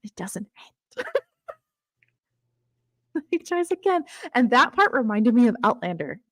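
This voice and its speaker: A woman co-hosting a casual book discussion, animated, laughing often and acting out the characters' lines. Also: fairly high pitch, a little slow, dry recording, studio quality. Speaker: book club co-host.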